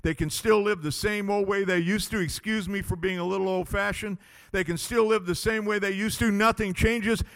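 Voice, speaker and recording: A man preaching a sermon as pastor, impassioned, swinging between loud declarations and hushed pleading. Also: sits high, fairly even intonation, normal speed, in a large hall.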